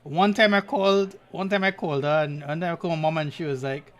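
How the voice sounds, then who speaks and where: A man's voice: a little high, fast talker, hardly any pauses. A man co-hosting a podcast, telling stories in casual chat and laughing often. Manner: storytelling, animated, laughs often. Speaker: podcast co-host.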